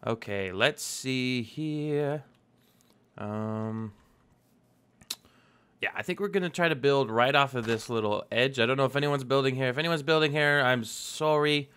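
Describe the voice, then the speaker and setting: A man's voice: mid-range voice, unhurried, a bit bright, smooth. A young man hosting a casual gameplay video, chatting playfully and talking to the animals in the game. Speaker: let's play host.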